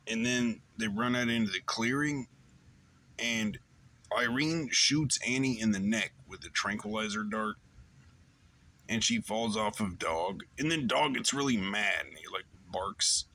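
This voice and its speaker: Bright-voiced man rambling through a recap. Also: on the low side, a little slow. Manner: rambling, loose retelling with fillers. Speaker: show host. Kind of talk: casual episode recap.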